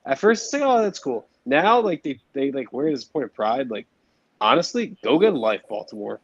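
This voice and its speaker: A man's voice: mid-range voice, sing-song, a little fast, a bit bright, husky, dry recording, muffled recording. A man on a sports podcast over a video call, ranting bluntly and swearing casually. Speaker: podcast panelist.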